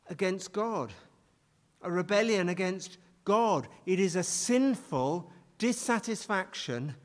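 A man's voice: high-pitched, a bit bright. A man preaching a sermon, stressing and repeating key phrases as he leads his listeners through the text. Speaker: pastor. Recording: long reverb of a large hall.

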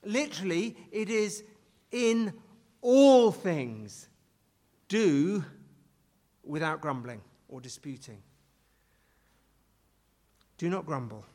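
A man preaches in a slow, measured, fairly high voice, and he leans hard on his key words and repeats them. His voice rings out with a long reverb, as in a large church. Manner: emphatic, repeats key phrases for stress. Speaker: pastor. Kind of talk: sermon.

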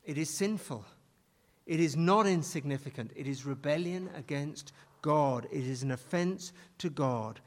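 A man's voice: a little high, measured pace. A man preaching a sermon, stressing and repeating key phrases as he leads his listeners through the text. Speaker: pastor. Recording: long reverb of a large hall.

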